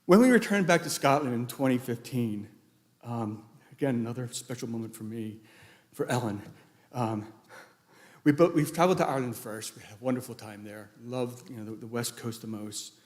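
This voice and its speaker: A man's voice: mid-range voice, normal speed, darkish tone. A man giving a eulogy for his late wife at a funeral, telling rambling, anecdotal stories with many restarts. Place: large church sanctuary. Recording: echoey church hall.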